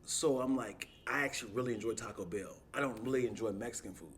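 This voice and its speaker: A man's voice: medium pitch, quick pace, a little hiss or hum. A young adult man co-hosting a podcast, chatting casually and acting out the people in his stories. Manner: animated storytelling, acts out quoted friends. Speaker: podcast co-host. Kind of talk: casual chat.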